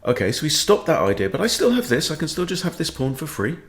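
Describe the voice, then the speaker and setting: A man's voice: a little high, very animated, quick pace, a bit bright. A man, a chess coach, commenting on his own game as he plays, thinking aloud and tossing in playful quips.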